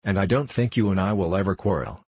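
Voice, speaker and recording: Male reader voicing a world-weary gentleman detective for an audiobook; husky, dry, ironic. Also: deep voice, fast talker, no room sound. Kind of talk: audiobook dialogue reading.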